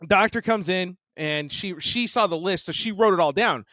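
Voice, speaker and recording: A man's voice: high voice, moderate pace, no room sound. A man around forty telling a story as a podcast co-host, swearing freely and often breaking into laughter. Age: 40s. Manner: profane, animated, laughs often. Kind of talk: casual storytelling chat.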